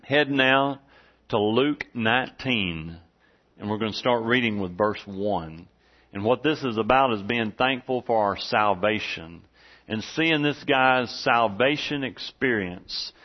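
Man, forties, pastor, folksy sermon, plenty of "uh"s, mid-pitched voice, church sanctuary, dull muffled recording. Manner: folksy, conversational, full of "uh" fillers. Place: church sanctuary before a congregation.

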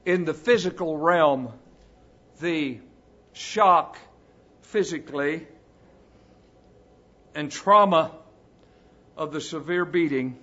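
A man preaching a sermon, dropping to a hush and then rising to a booming cry, repeating phrases for emphasis. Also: lo-fi sound. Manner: swings from hushed to booming, dramatic pauses.

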